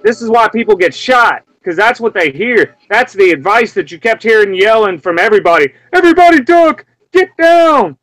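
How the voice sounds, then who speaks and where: A young man from Memphis ranting in a casual, profane way, breaking into high mocking yelps as he acts out what he heard. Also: a little fast, few pauses, a bit bright, dry recording, faint music behind, rough recording. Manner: heated, profane, mimics screams in sudden high yelps.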